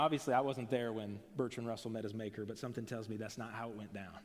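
Earnest preacher in a reverberant hall. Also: male voice, medium pitch. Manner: earnest preaching with rising emphatic phrases. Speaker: pastor. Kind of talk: sermon. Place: church sanctuary. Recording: long reverb of a large hall.

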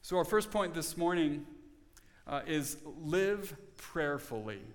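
A man's voice: on the high side, lively intonation, takes it slowly, long reverb tail. A man preaching a Sunday sermon as pastor, earnest and conversational, often restarting and repeating words. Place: church sanctuary.

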